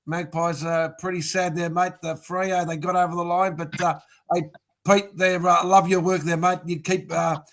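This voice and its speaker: A man's voice: sits high, little pitch movement, moderate pace, fairly bright tone, poor audio. An Australian man chatting on a sports podcast, rambling with crude jokes. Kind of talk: casual sports podcast chat.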